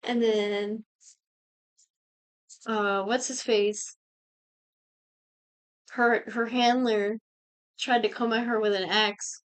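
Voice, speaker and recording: Young woman on a podcast, kinda high voice, swearing a lot while recapping a show. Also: extremely slow, pauses often, clear, resonant tone. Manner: profane, animated retelling with quoted voices. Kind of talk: casual chat.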